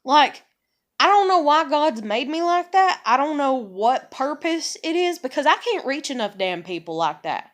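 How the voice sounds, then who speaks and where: A middle-aged woman with a high-pitched voice ranting bluntly and profanely to camera. She talks casually and heatedly, acting out quoted exchanges as she vents about being taken for granted. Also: big pitch swings, moderate pace. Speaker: parent venting about relationships. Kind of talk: casual vlog rant.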